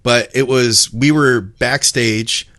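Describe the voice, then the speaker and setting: Podcast co-host, man, mid pitch, excitable rambling storyteller, dry close sound. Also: slow pace, dry recording. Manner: rambling, excitable, laughs often. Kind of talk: casual storytelling chat.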